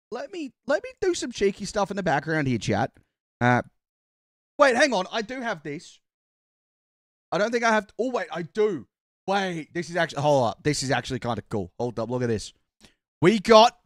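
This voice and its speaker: A man's voice: high-pitched, dry recording. Chatty Australian man streaming, dry sound. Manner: chatty, rambling, self-interrupting, teasing the chat. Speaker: livestream host. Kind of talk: casual live-stream chat.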